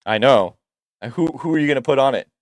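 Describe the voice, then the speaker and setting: A man's voice: mid-range voice, expressive, quick pace, no echo. A man co-hosting a wrestling podcast, chatting casually and rambling through opinionated takes with a teasing streak. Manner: rambling, teasing, breaks into mock wrestler voices.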